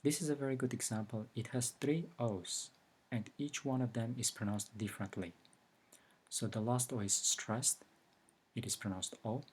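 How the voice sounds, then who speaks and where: A man giving a recorded language lesson, explaining slowly and carefully with example words. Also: medium pitch, husky. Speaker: language teacher.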